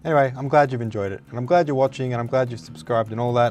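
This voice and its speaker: A young Australian man hosting a vocabulary vlog, his voice hoarse and raspy from days of talking, chatting playfully with lots of fillers. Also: medium pitch, rapid-fire, few pauses, music in the background. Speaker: vlog host. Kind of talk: casual chat about words.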